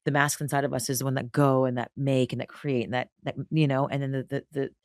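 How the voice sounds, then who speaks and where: Animated woman with a gravelly edge. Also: extremely low pitch, quick pace, no room sound, studio quality. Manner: animated and emphatic, with many restarts and repeated words; drops into soft, breathy quoted voices. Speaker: entrepreneur guest. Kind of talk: casual conversational interview.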